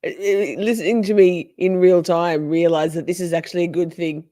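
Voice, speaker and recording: A woman's voice: fairly low pitch, fairly even intonation, moderate pace, mellow, dry recording. Giggly chatty woman, close dry mic. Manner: giggly, chatty, swings from whispers to squeals. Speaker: vlogger reacting to a trial. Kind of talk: casual reaction commentary.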